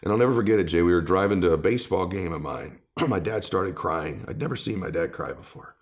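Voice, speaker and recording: A man's voice: low-pitched, fast talker. A middle-aged man talking in an interview, passionate, building emphasis through repeated phrases. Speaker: podcast guest and author. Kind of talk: conversational interview.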